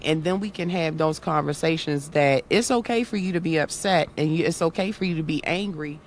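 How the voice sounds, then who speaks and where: A woman content creator and autism awareness activist, guesting in a casual interview, earnestly tells personal parenting stories and acts out the voices she quotes. Her low voice is brisk with few pauses, over a faint hiss or hum.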